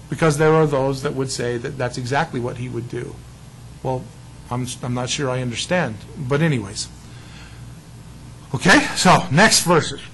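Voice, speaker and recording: High-voiced man teaching the Bible. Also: rough recording. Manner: chatty, digressive, often trails off quietly.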